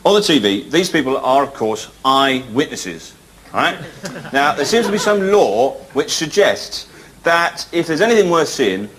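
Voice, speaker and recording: Animated stand-up comic. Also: male voice, medium pitch. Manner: wry, storytelling, animated asides. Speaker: stand-up comedian. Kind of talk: stand-up comedy routine. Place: comedy venue stage. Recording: live club set with loud audience.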